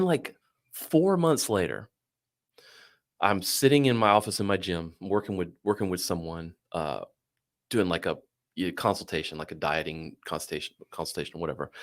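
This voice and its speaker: Low-voiced man telling a wild story. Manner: animated, swearing, acts out quoted voices. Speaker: podcast guest. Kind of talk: casual storytelling.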